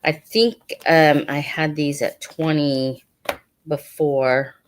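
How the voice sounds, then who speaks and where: Woman, sale host, deep voice, casual rambling patter full of fillers. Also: level tone, slow pace, slight background noise. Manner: chatty, rambling, with many fillers.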